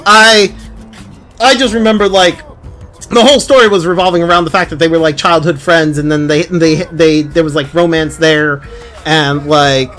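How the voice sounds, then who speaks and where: A man streaming a game, chatting casually in a lively, indignant way, swearing and laughing often. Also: fairly high pitch, moderate pace, soft background music. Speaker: livestreamer.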